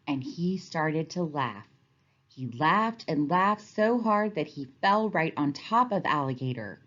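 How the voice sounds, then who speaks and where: Female teacher narrating a picture book, unhurried and animated, muffled sound. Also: low-pitched. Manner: expressive, clear storytelling. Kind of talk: children's storybook read-aloud.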